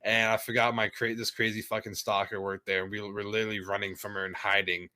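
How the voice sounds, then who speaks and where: Bright-voiced young man rambling casually. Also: on the low side, flat delivery, fast talker, dry recording. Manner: rambling, laughs often, swears a lot. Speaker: podcast guest. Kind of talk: casual storytelling.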